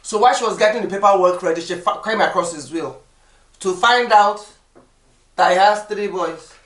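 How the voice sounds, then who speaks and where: A woman, a podcast guest telling stories in lively, emphatic casual chat. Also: mid-range voice, normal speed, distant mic. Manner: animated, lively storytelling with emphatic repetition. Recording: echoey room.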